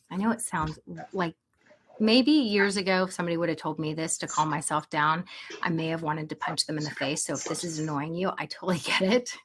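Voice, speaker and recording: A woman coaching parents in a live webinar, chatty and animated, talking straight to her audience. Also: on the low side, a little hiss or hum.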